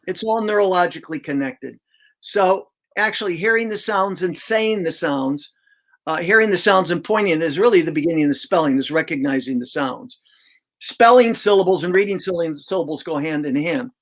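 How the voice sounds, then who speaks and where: A man's voice: high voice, fairly bright tone. An older man, a reading coach, explaining his teaching method in an emphatic, conversational way, sounding out syllables aloud as he goes.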